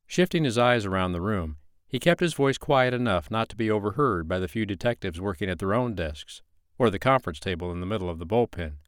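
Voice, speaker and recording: A man narrating a romance novel as an audiobook in a steady, even reading voice, close to the mic. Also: low voice, brisk, clean tone, no echo. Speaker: audiobook reader.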